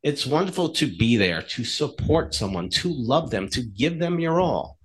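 A man co-hosting a podcast, telling stories in a casual, animated way and acting out the dialogue in them. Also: mid-range voice, moderate pace, breathy edge. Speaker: podcast co-host.

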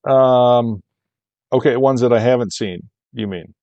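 A man's voice: mid-range voice, unhurried, a little mellow, dry recording, dull audio. A man, a golf course architect, telling a long, rambling anecdote in a casual interview and livening up when he quotes other people. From Michigan, USA.

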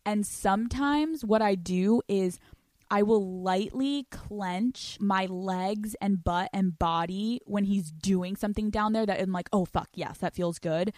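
A woman's voice: mid-range voice, slow pace, darkish tone, no room sound, clean studio sound. A young woman hosting a podcast, talking in a brash, profane way with lots of laughter while she reads out listener questions and answers them. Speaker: podcast host. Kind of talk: casual podcast monologue, reading listener questions.

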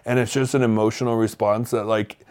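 A man's voice: on the low side, flat delivery, brisk, a little mellow. A man co-hosting a podcast, reflecting earnestly in casual conversation with loose, rambling phrasing. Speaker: podcast co-host.

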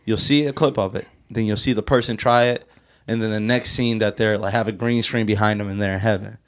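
A man's voice: lowish voice, steady tone, fairly quick. A man co-hosting a casual chat show, joking and bantering with his co-host. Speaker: podcast co-host.

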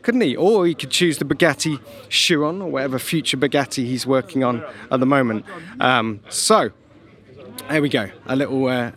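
A man's voice: fairly high pitch, a bit bright. A man presenting a walkaround at an outdoor car show, chatty with self-deprecating asides. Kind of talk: walkaround commentary.

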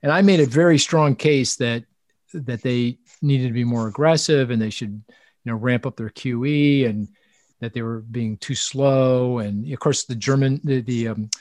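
A man talking as an interview host, telling stories with lots of restarts and quick asides. His voice sits in a middle pitch and is recorded dry and close, with no room sound. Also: no room sound. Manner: animated storytelling, frequent restarts and laughs. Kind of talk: casual interview chat.

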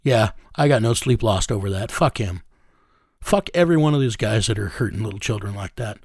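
A man's voice: fairly low pitch, expressive, a little fast, a little mellow, dry recording, studio quality. A man telling a story as an interview guest, blunt and profane, chuckling as he goes. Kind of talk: casual storytelling.

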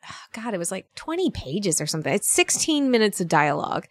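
A woman's voice: mid-range voice, very animated, brisk. A woman voice actor chatting as a podcast guest, telling stories and acting out what people said to her. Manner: chatty storyteller who acts out quoted dialogue; frequent laughs and fillers. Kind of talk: casual podcast chat.

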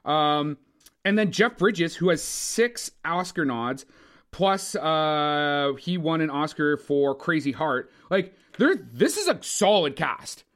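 A man co-hosting a casual movie podcast, talking in an animated, opinionated way with frequent swearing. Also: a little high, slow pace. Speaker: podcast co-host. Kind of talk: casual movie review chat.

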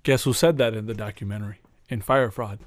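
A man's voice: on the low side, fairly even intonation, brisk, dry recording, clean studio sound. Casual rambling male podcast co-host. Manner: rambling, profane, laughs often. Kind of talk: casual chat.

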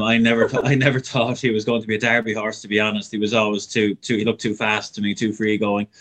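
A man with a lowish voice gives casual racing tips. He talks in a relaxed, mumbling way, filling his pauses with ums and uhs. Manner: relaxed, mumbling with many fillers. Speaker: racing tipster. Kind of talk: casual betting chat.

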